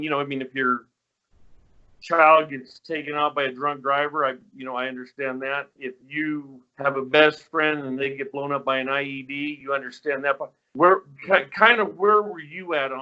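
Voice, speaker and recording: Male interviewer; tense, bright tone; meandering questions; dull lo-fi sound. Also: a little high. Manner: rambling, searching questions. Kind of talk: conversational interview.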